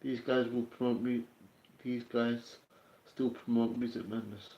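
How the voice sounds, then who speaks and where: This livestream host is an English man with a London accent whose mid-range voice is flat and unhurried. Casual and streetwise, he chats and responds to viewer comments. The recording is roomy, dull and lo-fi.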